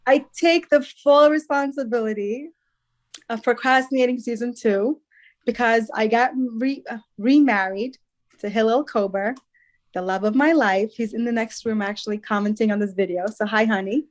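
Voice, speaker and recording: A woman's voice: fairly high pitch, normal speed. A woman co-hosting a podcast as a matchmaker and dating coach, chatting in a bubbly, casual way.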